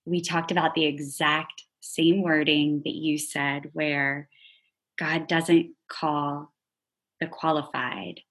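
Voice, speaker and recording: Low, slow, husky woman host. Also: little pitch movement, fairly bright tone. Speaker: podcast host. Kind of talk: casual interview chat.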